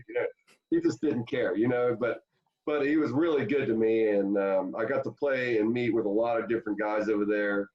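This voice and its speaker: A man's voice: on the low side, fairly quick, darkish tone. A man, a former pro ballplayer, telling rambling anecdotes full of fillers in a casual interview. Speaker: former pro baseball player, guest. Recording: dull lo-fi sound.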